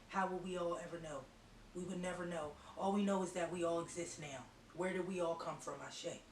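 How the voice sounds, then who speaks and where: Psychic reader, female: blunt, emphatic, repetitive. Recorded with a roomy echo off a distant mic and faint hiss. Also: fairly low pitch. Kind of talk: channeled tarot-style reading to viewers.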